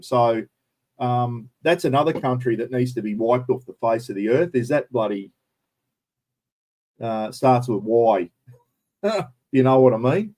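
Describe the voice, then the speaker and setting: A man's voice: mid-range voice, darkish tone. A middle-aged Australian man hosting a casual live stream and answering viewers, blunt and opinionated, swearing now and then. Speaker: livestream host.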